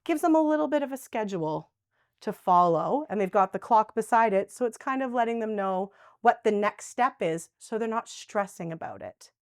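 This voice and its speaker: A woman leading a live dementia education workshop, talking lively and acting out the voices of people she quotes. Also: mid-range voice, normal speed, no room sound, studio quality. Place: workshop room.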